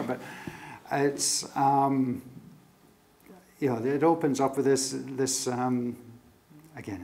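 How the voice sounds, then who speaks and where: A man's voice: mid-range voice, gravelly, a little mellow. A middle-aged man giving a public lecture and taking questions, telling stories animatedly with frequent stammered restarts. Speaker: guest lecturer.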